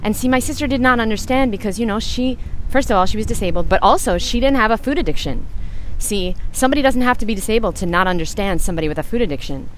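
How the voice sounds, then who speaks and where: A woman's voice: medium pitch, lively intonation, quick pace, hardly any pauses, slight background noise. A woman in her forties telling a personal story as a motivational podcast host, earnest and emphatic, speaking straight to her listeners.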